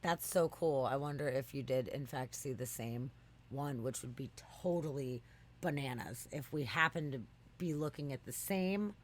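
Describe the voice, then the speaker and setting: Chatting casually at a normal speed, an animated podcast co-host speaks at an everyday middle pitch. He swears freely, leaps into loud, high exclamations, then eases back into a relaxed conversational tone while telling stories.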